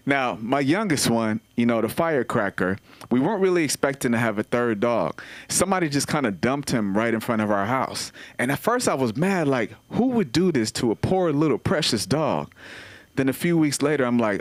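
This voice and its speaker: A man performing a stand-up comedy set at an open mic, telling animated stories and acting out the voices of people and dogs. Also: mid-range voice, normal speed, dry recording.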